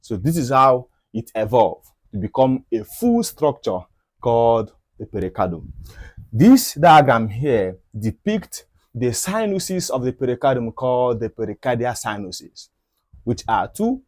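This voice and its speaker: A man teaching anatomy in a mid-pitched voice. He repeats key phrases and poses rhetorical questions as he walks through diagrams. The recording is close and dry. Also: big pitch swings, a little slow, a little mellow, no room sound. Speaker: medical educator. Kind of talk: anatomy lecture over diagrams.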